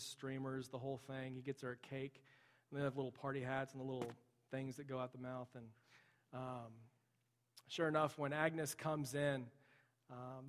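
A man preaching a sermon, telling a story in an earnest, conversational way with frequent fillers. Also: medium pitch. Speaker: pastor. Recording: long hall reverb.

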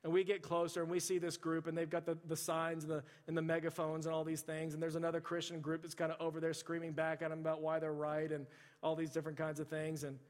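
A man's voice: a little high, completely flat delivery, fast talker. A man, preaching a sermon in a chatty storytelling way, with lots of restarts. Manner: conversational storytelling with frequent restarts and "like". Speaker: pastor. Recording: reverberant church hall.

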